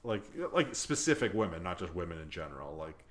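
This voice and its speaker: Deep-voiced guy hosting a chill podcast, rambles a lot, jokes at his own expense. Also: very animated, fairly quick, a bit bright. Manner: rambling, filler-heavy, self-deprecating. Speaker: podcast host. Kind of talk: casual chat.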